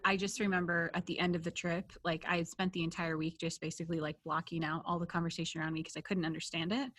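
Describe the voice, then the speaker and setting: A woman co-hosting a podcast in casual chat, telling relaxed stories and laughing along the way. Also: lowish voice, fast. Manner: relaxed storytelling, laughs at her own stories. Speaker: podcast co-host.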